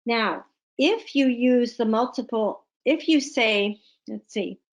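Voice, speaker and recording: A woman's voice: on the high side, slow. A woman teaching a punctuation lesson, explaining patiently with playful emphasis. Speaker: literacy teacher. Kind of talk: classroom lesson.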